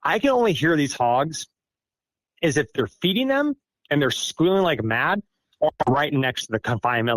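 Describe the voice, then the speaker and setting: A man's voice: a little high, sing-song, normal speed, a bit bright, no room sound. A middle-aged man from Iowa, a podcast guest telling a personal story casually, rambling and self-deprecating with many fillers. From Iowa, United States. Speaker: guest recounting an encounter.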